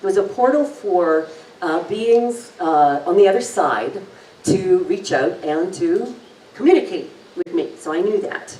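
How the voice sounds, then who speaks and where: A woman speaking slowly and gently from a little way off the mic, her low-ish voice carrying through an echoey room. She tells a story to an audience and eases them into a calm guided relaxation. Faint room ambience sits behind her. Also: recorded from a distance. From lived long in New Zealand. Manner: unhurried, gentle, lingers on words. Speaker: speaker leading an intuition talk.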